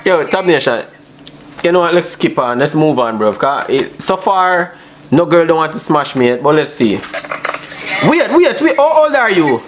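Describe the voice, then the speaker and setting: A man's voice: a little high, very animated, normal speed. A man, a vlogger teasing strangers on a video chat app with brash, slangy banter. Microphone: phone on a video call app. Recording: noisy phone recording.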